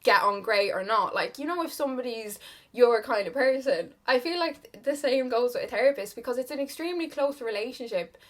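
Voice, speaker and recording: A woman's voice: fairly high pitch, fairly quick. A young Irish woman in her twenties chatting rambly and confiding while she does her makeup at home, full of "like" and "kinda". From Ireland. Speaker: beauty vlogger. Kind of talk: chatty get-ready-with-me talk.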